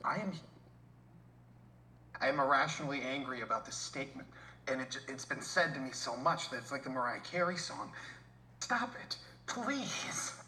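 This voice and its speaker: A man's voice: mid-range voice, a little fast, pauses often, sharp tone, slight background noise, low-quality recording. A man on a podcast in casual chat, ranting heatedly with heavy swearing.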